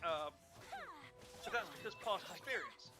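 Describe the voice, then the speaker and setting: A man's voice: high voice, lively intonation, a little slow, over music. A man streaming a game, rambling and thinking aloud in casual commentary with many restarts.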